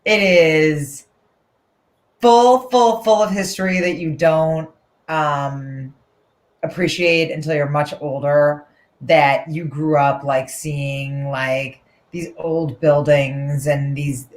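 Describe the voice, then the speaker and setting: A woman's voice: low voice, slow. Chatty woman comic. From Newton, Massachusetts. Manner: chatty, animated, many fillers and restarts. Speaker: guest comedian. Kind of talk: casual interview chat. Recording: echoey room on a call.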